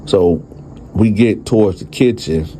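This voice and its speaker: A storyteller and channel host with a lowish, warm voice recounts a true crime story from his own life at a measured pace. He talks in casual, profane street slang and calls his listeners "y'all," with slight background noise present.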